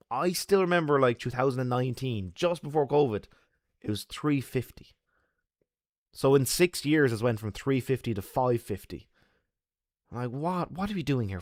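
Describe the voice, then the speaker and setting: An Irish man streaming, talking casually and rambling to his viewers. His voice is dry and close, with a mid-range pitch for a man. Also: no echo. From Ireland. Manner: chatty, rambling.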